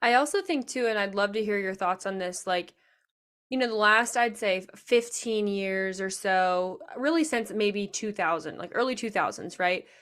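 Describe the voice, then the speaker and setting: A woman's voice: mid-range voice, normal speed, fairly bright tone. Chatty woman podcast host. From Nebraska. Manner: chatty, reflective, many fillers. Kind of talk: casual podcast chat.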